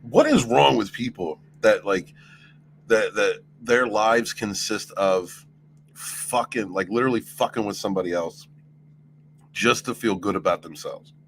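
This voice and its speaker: A man's voice: lowish voice, unhurried, a bit bright, a little hiss or hum. A man streaming, chatting casually in a rambling, profane way and laughing often. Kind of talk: casual late-night stream chat.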